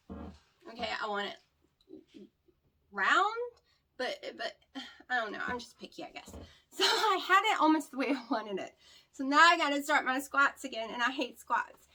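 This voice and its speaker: A woman's voice: sits high, sharp tone. A woman with a country American accent, chatting candidly and bluntly to the camera at home in a casual vlog, repeating things for emphasis. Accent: rural American country. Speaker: keto weight-loss vlogger. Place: at home, indoors. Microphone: camera on a tripod with a light.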